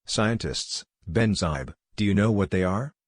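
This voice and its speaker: Male reader doing a hollow-voiced elderly friar, thin and stern, low and deep, dry sound. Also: a little slow, no room sound. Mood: lecturing.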